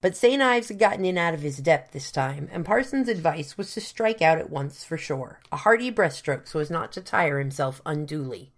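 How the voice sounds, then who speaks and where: Low-voiced woman narrating a novel. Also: animated, moderate pace, few pauses. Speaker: audiobook narrator. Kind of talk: scripted narration.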